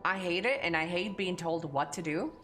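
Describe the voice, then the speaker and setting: A Mexican woman streams with a lowish, slightly bright voice at normal speed, faint music playing behind her. Crude, playful and joking, she talks to her chat casually and hums and sings nonsense.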